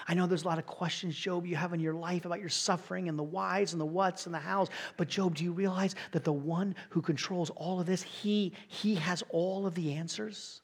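Breathy, emphatic man preaching. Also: high voice, steady tone, a little fast, few pauses. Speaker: pastor. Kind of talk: sermon.

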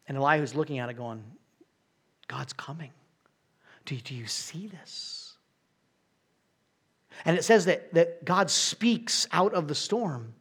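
A man preaching a sermon as pastor, in a dramatic, emphatic style. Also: on the high side.

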